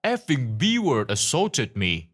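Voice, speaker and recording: A man's voice: mid-range voice, wildly swooping pitch, takes it slowly, pitched above the performer's own voice, exaggerated voice. A man doing a rude, swearing angry man. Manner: shouting insults.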